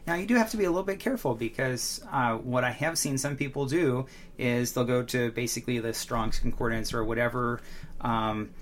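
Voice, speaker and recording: A man's voice: medium pitch, fairly quick, a little hiss or hum. A middle-aged man co-hosting a Bible study podcast, explaining earnestly in casual chat with frequent restarts. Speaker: podcast co-host, teacher.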